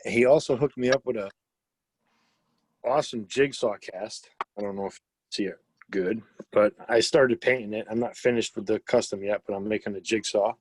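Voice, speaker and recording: A man's voice: lowish voice, moderate pace, breathy edge, no room sound. A man in casual podcast chat, talking eagerly and rambling about his toy collection. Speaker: podcast co-host.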